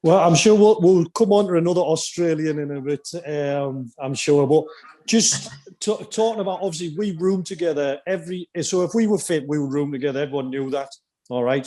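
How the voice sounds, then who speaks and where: A man hosts a relaxed podcast chat, spinning anecdotes and acting out quoted lines as he goes. His voice sits a little on the high side. The talk is loose and conversational. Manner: animated anecdotes with quoted asides. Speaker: podcast host, former teammate. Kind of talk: casual storytelling chat.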